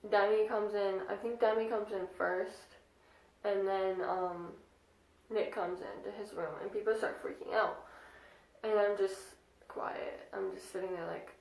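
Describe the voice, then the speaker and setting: A young woman in her twenties telling a casual storytime vlog, chatty and excitable with lots of fillers. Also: mid-range voice, a little slow. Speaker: vlogger. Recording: echoey room.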